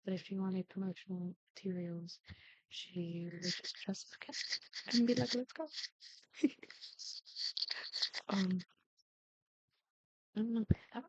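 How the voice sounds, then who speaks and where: A woman's voice: mid-range voice, darkish tone, no echo. A young woman YouTuber chatting casually over gameplay, rambling with frequent ums. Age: young adult. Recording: dull lo-fi dry sound.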